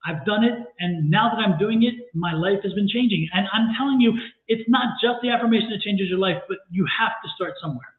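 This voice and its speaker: A high-voiced man leads a live tarot stream. He urges viewers on with preachy, repetitive encouragement. His voice comes through a thin, phone-like line with a roomy echo. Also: fairly quick, hardly any pauses. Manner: preachy, repetitive motivational exhortation. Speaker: tarot reader and co-host.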